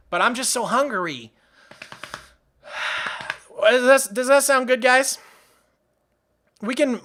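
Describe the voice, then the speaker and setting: A man's voice: a little high, fairly bright tone. A young man chatting casually with his live-stream audience, rambling and often restarting his sentences. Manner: rambling, with frequent restarts and laughs.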